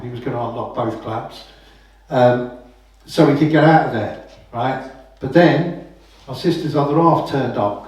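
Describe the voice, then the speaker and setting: A man's voice: medium pitch, darkish tone. A man giving a casual, anecdotal talk as a common law speaker, often asking "right?" after his points. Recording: very echoey room, voice from far off the mic.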